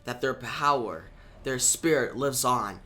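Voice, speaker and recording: A man voicing a somber young female sorceress in a quiet, solemn manner. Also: mid-range voice, measured pace.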